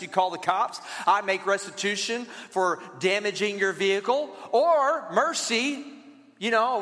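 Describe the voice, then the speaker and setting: High, bright-voiced preaching pastor. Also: male voice, in a large hall. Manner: storytelling, animated, acts out voices. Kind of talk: sermon.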